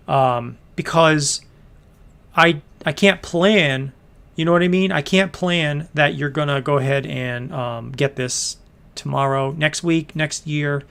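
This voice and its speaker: A man with a slightly high, gravelly voice talks casually on a livestream. He rambles through his business plans with plenty of fillers and restarts. Now and then he answers comments from viewers. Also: unhurried, a bit bright. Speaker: small business owner hosting a livestream.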